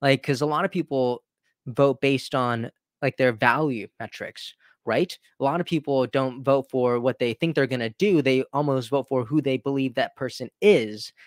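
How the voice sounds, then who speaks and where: A man's voice: mid-range voice, moderate pace, no echo, studio quality. A man hosting his own commentary channel, talking in an opinionated, conversational way and restarting his sentences. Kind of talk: casual political commentary.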